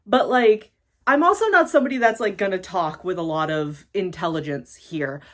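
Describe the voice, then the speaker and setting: Blunt, lively American woman ranting to camera. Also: normal speed. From United States. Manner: blunt, swearing, animated swings in pitch. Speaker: YouTuber. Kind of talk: casual vlog rant.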